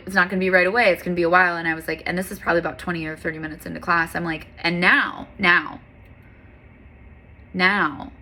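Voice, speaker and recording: A woman's voice: fairly low pitch, pushed and bright. A woman yoga instructor talking in an earnest, candid, heartfelt monologue, with frequent fillers.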